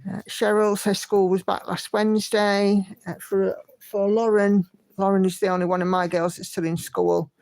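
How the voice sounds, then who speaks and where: A woman's voice: mid-range voice, flat delivery, moderate pace, a little mellow, no echo. A woman hosting a casual livestream, chatting in a friendly way and greeting viewers by name as she reads their comments. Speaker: livestream host.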